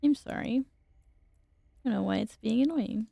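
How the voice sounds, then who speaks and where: A woman's voice: on the high side, normal speed, creaky, mellow, a little hiss or hum. A woman streaming a game, chatting casually with her viewers while she fixes her audio. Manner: flustered, talks to chat while fixing audio. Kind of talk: casual live-stream chat.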